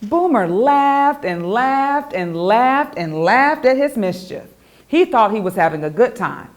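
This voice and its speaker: Expressive woman reading a children's storybook. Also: a little high, measured pace. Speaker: author reading her own children's book. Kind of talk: storybook read-aloud for children.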